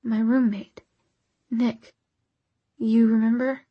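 A woman voicing a grieving eighteen-year-old man, quiet and halting in shock. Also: a little high, flat delivery, slightly rough, no room sound, lo-fi sound. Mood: stunned.

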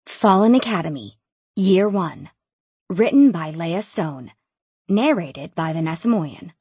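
A woman narrating a first-person fantasy audiobook in a measured, even reading. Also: on the low side, breathy edge, dry recording. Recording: dry close studio sound.

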